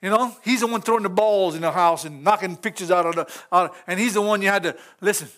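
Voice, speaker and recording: High-voiced man preaching a folksy sermon. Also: fast, fairly bright tone. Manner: folksy, chuckling, talks straight to the congregation. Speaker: pastor. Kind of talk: informal sermon. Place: church.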